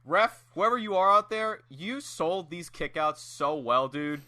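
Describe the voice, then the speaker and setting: An excitable young man talks casually on a podcast, swearing freely and acting out his reactions. His voice sits a little high and sounds very bright and forceful. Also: unhurried. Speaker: podcast co-host. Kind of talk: casual chat reviewing wrestling matches.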